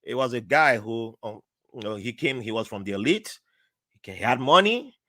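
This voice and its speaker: A man's voice: normal speed, no room sound, studio quality. A middle-aged man with a Nigerian accent, a podcast guest telling stories in casual conversation and acting out the people he quotes. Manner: animated, acts out quoted voices with big pitch jumps.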